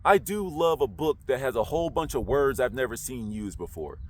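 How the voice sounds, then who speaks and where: A man's voice: mid-range voice, lively intonation, brisk, slight background noise. A man talking casually to camera in a slangy, roundabout way, full of rhetorical questions. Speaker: online commentator.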